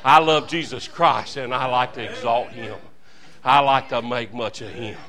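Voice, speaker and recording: A man's voice: medium pitch, normal speed, bright, forceful tone, a faint crowd. A man preaching a fervent, folksy revival sermon as a visiting preacher, calling out to the congregation.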